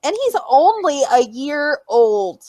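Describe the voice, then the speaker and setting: A young woman co-hosting a podcast in casual chat, animated and fond of mimicking voices in squeals and coos. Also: high voice, takes it slowly, no echo. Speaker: podcast co-host.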